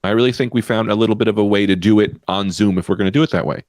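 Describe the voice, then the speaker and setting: A man co-hosting a comedy podcast over a video call, playful and quick to laugh. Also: fairly low pitch, dry recording, clean studio sound. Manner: playful, lively, laughs often. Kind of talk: casual comedic chat.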